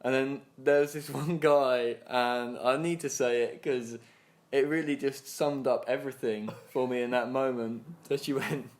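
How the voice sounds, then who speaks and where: A man's voice: mid-range voice, fairly even intonation, unhurried. A man in his twenties, a podcast co-host, telling a long story in a rambling, sweary way and acting out the people in it. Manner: acts out other people's lines in his retelling. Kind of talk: casual storytelling chat.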